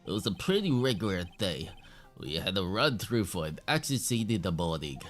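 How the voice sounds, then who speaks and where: A man's voice: low voice, big pitch swings, normal speed, a bit bright, faint music behind. Man doing a mumbling nerdy game director. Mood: rambling. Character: awkward nerdy male film director, sweaty and mumbling.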